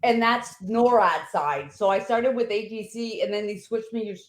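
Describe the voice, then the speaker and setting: A woman's voice: a little high, normal speed. A woman co-hosting a veterans' podcast, chatting and explaining with many restarts. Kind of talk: casual conversation. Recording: roomy echo.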